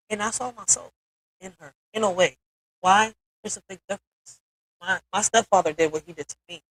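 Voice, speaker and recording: A woman's voice: on the low side, no room sound, low-quality recording. A woman hosting a live stream, talking emotionally and bluntly with lots of cursing, often checking in with "all right?". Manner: emphatic, builds to forceful peaks.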